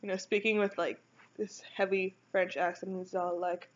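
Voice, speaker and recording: A woman's voice: mid-range voice, level tone, moderate pace, muffled recording. A young woman rambling casually over a video game build, often stopping to correct herself. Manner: rambling, chatty, self-correcting.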